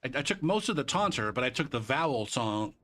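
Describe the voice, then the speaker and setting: A male streamer speaks a touch fast at medium pitch, very animated and sharp-toned, with a slight hiss or hum on the audio. Gaming live, he banters and argues with his chat and swears liberally.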